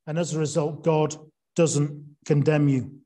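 A man's voice: on the high side, flat delivery, measured pace, warm tone. A man preaching an evening sermon, earnest, asking rhetorical questions and leaning hard on key words.

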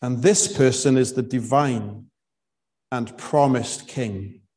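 Male preacher, sermon delivery, slow deliberate pace, mellow warm tone, emphatic pauses. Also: mid-range voice.

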